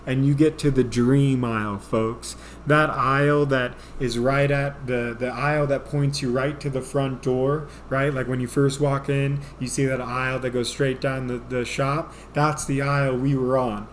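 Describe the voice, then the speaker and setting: A man's voice: on the high side, slight background noise. A man telling a funny personal story to viewers in a rambling, self-deprecating way, often calling them folks. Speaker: storyteller vlogger. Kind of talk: casual comedic storytelling.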